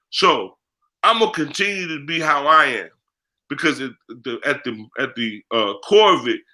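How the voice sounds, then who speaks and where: With a medium-pitched, sharp-toned voice, an American man who is a spiritual priest talks bluntly as a guest in a candid interview, using heavy profanity and street slang.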